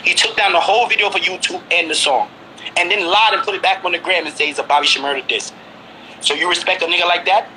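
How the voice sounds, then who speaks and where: Over a noisy background, a high-voiced Brooklyn man in his forties speaks fast as a guest in a heated casual exchange, repeating himself and pushing the listener with question after question.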